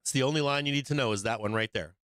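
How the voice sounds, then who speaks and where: Man, stock show host, blunt profane commentary, crisp tone, dry sound. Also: mid-range voice, very fast, fairly bright tone, no echo. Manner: laughs between points. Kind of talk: live-streamed market commentary.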